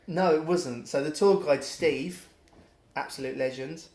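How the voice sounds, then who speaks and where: A man's voice: a little high, measured pace, darkish tone. A young man co-hosting a podcast, trading crude, laughing banter in casual chat. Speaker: podcast co-host. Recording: echoey room.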